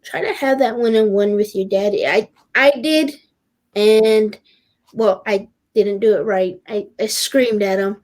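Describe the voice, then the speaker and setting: A woman's voice: medium pitch, a little mellow. A teenage girl talking as a podcast guest, earnest and openly emotional, often stopping and restarting her sentences. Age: teens. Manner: earnest, halting, with many restarts. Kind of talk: personal podcast conversation.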